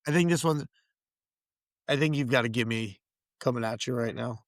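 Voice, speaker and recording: Man, podcast host, monotone, playful teasing, dry close recording. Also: mid-range voice, moderate pace, no room sound. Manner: self-described monotone, playful quizzing. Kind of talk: casual chat.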